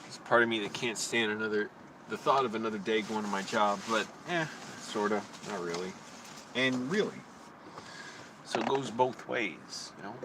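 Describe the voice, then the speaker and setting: A man's voice: on the low side, moderate pace. A man in a casual vlog, rambling in a crude, self-deprecating, tired way. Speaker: vlogger, homeless filmmaker. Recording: distant mic with traffic noise.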